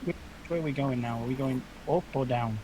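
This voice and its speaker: A man's voice: mid-range voice, fairly quick, dark tone, slight background noise, poor audio. A man playing in a tabletop game, asking the others which way to go. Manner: inquisitive, asking about the route. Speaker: player.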